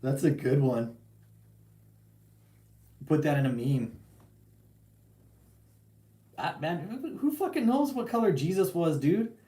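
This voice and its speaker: A man hosting a casual call-in talk show, ranting in a profane, animated way with lots of slang. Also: on the high side, takes it slowly, long pauses, echoey room, low-quality recording. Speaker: podcast host.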